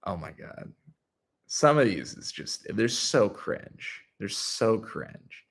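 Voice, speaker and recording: A man's voice: lowish voice, very animated, slow, gravelly, fairly bright tone, breathy edge. A young adult man on his channel, telling a story casually and animatedly, full of filler words. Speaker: YouTuber.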